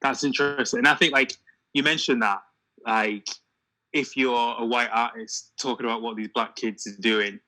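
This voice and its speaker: A man in casual conversation, talking in an animated way with lots of "you know what I mean". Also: medium pitch, normal speed, rough recording. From Hull, England. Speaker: discussion guest. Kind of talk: casual chat.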